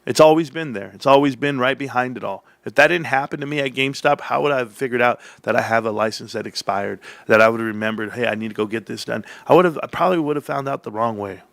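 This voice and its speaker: A man's voice: mid-range voice, fast talker, gravelly, hardly any pauses, fairly bright tone, no echo. A middle-aged man telling a long personal story in a casual, rambling way, acting out the dialogue with restarts along the way. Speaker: stock channel host.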